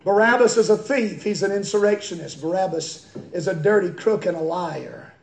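A male pastor preaching a fiery sermon in a church, swinging from quiet, slow reading to high, shouted preaching. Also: animated, vocal fry. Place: church sanctuary. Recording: echoey church room.

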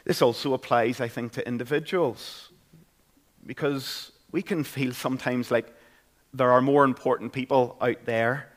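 A man's voice: mid-range voice, steady tone, unhurried. Earnest Northern Irish preacher man. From Northern Ireland. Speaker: pastor. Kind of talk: sermon. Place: church.

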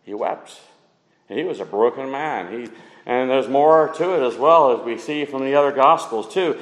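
A man preaching a sermon, acting out the quotes with big swings in pitch and loudness. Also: moderate pace, long reverb tail, rough recording. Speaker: pastor.

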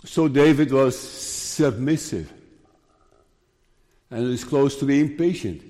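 A man preaching a sermon, slow and emphatic, repeating key phrases. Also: mid-range voice, dark tone. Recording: long hall reverb.

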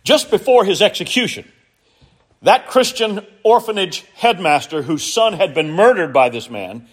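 A man preaching a sermon, speaking earnestly and telling stories in a measured way with emphatic rises. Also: high voice, lively intonation, breathy edge.

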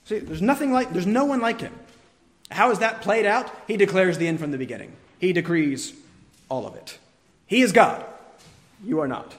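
Male pastor, earnest emphatic sermon delivery, raised pitch, long room echo. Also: lively intonation. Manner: earnest, emphatic preaching with dramatic pauses.

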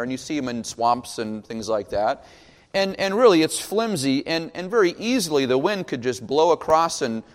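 Male pastor, sermon delivery, animated and expressive, fairly high voice, long church reverb. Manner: animated, acts out questions in quoted voices. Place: church sanctuary.

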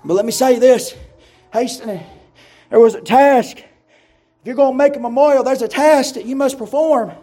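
A man preaching a sermon in a church, shouting in rising, chanted cadences. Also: very high-pitched, normal speed, pauses often. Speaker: pastor. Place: church sanctuary. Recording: roomy church sound from a distant mic.

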